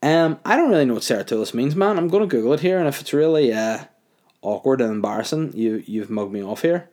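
Host: young comic, loose, rambling solo podcast chat, mid-pitched voice. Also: male voice, lively intonation, quick pace, a little mellow. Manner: laid-back, rambling with many fillers.

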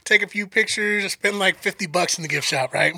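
A man's voice: high voice, fairly quick, gravelly, no room sound. A man telling a comic story in casual chat, swearing freely and acting out the people in it. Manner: animated, profane, acts out voices in his stories. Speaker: storyteller on a podcast.

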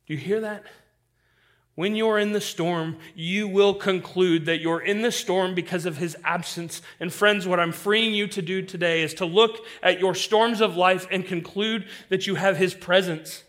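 A male pastor preaching a sermon with passion, swinging from loud declarations to hushed, quiet lines. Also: high voice.

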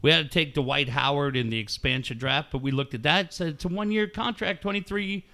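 A middle-aged man telling a story in casual chat, animated and profane, often laughing. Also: fairly high pitch, fairly quick.

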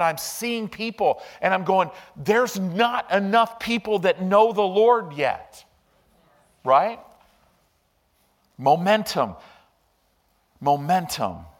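A man preaching a sermon as pastor, emotional and animated, speaking to a church congregation. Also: high voice. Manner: emotional, animated preaching with sudden loud rises. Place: church sanctuary.

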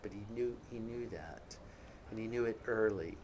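A man with a low voice speaks on a live panel, reflective and a little hesitant. A faint noise sits under the recording. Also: normal speed, a little mellow.

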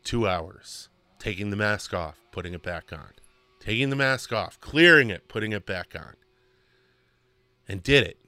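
A man hosting a podcast, telling a personal story in a casual, animated way with emphatic repetition. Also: on the low side, clear, resonant tone, dry recording, studio quality. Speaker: podcast host.

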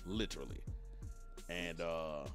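A man's voice: low-pitched, fairly even intonation, slow pace, over music. A man co-hosting a casual group podcast, telling rambling stories and acting out what he said at the time. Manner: rambling storyteller, acts out quotes. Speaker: podcast co-host.

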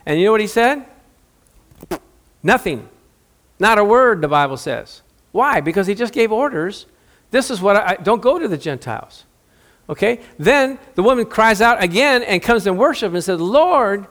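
A man's voice: high voice, very animated, moderate pace, a bit bright. A man preaching a conversational sermon, acting out biblical dialogue with humor. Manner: conversational, jokey preaching with acted-out quotes. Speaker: pastor.

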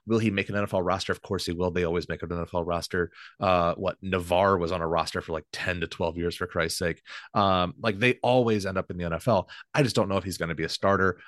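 A man's voice: sits low, a bit bright, no echo, clean studio sound. A man co-hosting a sports podcast, talking casually and rambling a bit, often correcting himself and laughing easily. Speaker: podcast co-host.

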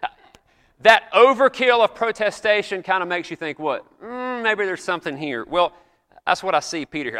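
Bright-voiced man preaching in a hall. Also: high voice, expressive, moderate pace, clear, resonant tone. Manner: conversational preaching, reads scripture then explains with everyday examples. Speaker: pastor. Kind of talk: sermon.

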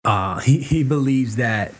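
A man in casual podcast chat, telling a heated story in an animated way, acting out quotes and cursing freely. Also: mid-range voice, a little slow, breathy edge. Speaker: podcast guest, comic creator.

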